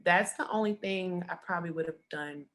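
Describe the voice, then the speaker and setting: A woman journalist speaking as an interview guest, outspoken, blunt and expressive. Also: on the low side, brisk. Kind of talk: conversational interview.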